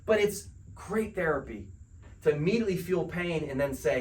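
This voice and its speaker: A man delivers a spiritual self-help lecture with a lively, swooping delivery, his voice sitting slightly high for a man. He talks casually and keeps firing rhetorical questions at the listeners. The sound is distant, as if the mic were across the room. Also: moderate pace. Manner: conversational, asks the audience rhetorical questions. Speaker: counselor giving a lecture.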